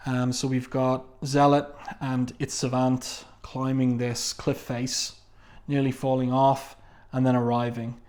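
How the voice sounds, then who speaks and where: A man's voice: mid-range voice, completely flat delivery, unhurried, darkish tone. Guy casually reviewing a comic, reading the panels aloud, mid-range voice, lots of um and uh. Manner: chatty, with fillers and asides; reads panel quotes aloud.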